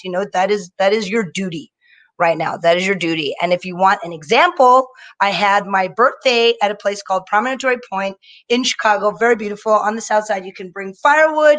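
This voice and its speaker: A young woman performing a stand-up set over a live video stream, telling stories in an animated way and slipping into mocking voices. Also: mid-range voice. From Indian family. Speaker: stand-up comedian.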